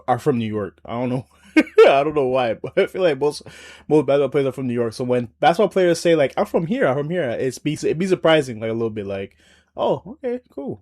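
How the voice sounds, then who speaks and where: A man's voice: medium pitch, animated, fast, darkish tone. Male reaction host, casual rambling delivery, slangy and loose. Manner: laid-back slang-heavy rambling with lots of "bro". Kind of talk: casual chat.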